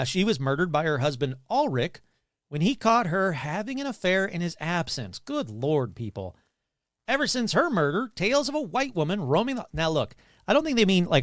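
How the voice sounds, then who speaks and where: A man's voice: a little high, no echo, clean studio sound. A man hosting a podcast, telling ghost stories casually with crude jokes and asides. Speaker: podcast host. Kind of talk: casual comedic storytelling.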